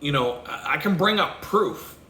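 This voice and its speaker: A man, ranting alone with swearing and conspiracy talk, sometimes shouting loudly. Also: a little high, expressive, moderate pace, reverberant, a little hiss or hum. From Texas. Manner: profane, conspiratorial, swings into loud shouting and mimicked sounds. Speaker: podcast host. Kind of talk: profane solo rant.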